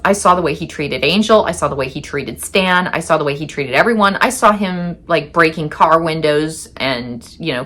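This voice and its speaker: A young woman telling a candid, profane personal story in casual chat, with halting restarts and quoted asides. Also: low-pitched, fairly bright tone.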